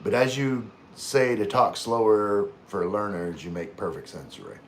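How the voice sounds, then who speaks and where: A man's voice: fairly low pitch, a little slow, a little hiss or hum. A man hosting a casual livestream, reading viewer comments aloud and chatting in a rambling way, often losing his train of thought.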